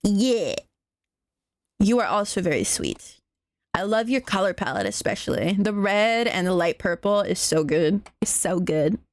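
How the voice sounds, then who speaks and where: A woman's voice: medium pitch, lively intonation, measured pace, no room sound. A young adult woman streaming live, casually chatting, reading chat aloud and thanking viewers, with the odd swear. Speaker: vtuber streamer.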